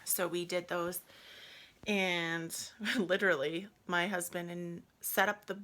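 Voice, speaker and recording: A woman's voice: fairly low pitch, fairly even intonation, takes it slowly, bright, forceful tone. A woman casually telling her own story in a vlog, emotional and often dropping to a near-whisper. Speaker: yoga vlogger telling her birth story.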